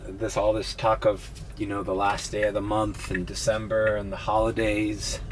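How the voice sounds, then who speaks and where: A man's voice: lowish voice, level tone, moderate pace, slight background noise. A man vlogging casually from inside his car as a rideshare driver, rambling, swearing and laughing a lot. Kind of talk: casual vlog while driving.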